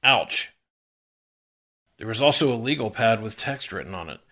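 Brief: male reader, lowish voice, even and dry crime-story narration. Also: fast. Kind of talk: reading a hard-boiled crime story aloud.

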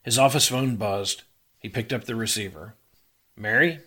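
A man reading a hard-boiled crime story aloud in an even, dry manner. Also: fairly low pitch, moderate pace, husky. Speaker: story reader.

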